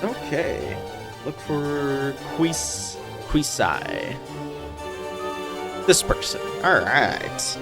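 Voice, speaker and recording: Brief: mid-pitched man, casual let's play commentary, puzzled asides. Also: wildly swooping pitch, extremely slow, gravelly, pauses often, music in the background. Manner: thinking aloud, puzzled asides.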